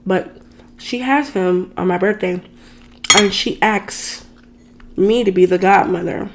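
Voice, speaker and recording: Slow, gravelly woman telling a dramatic story. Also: mid-range voice, background noise. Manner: chatty, dramatic storyteller who addresses viewers directly. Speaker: food and storytime vlogger. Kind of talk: casual storytime rant.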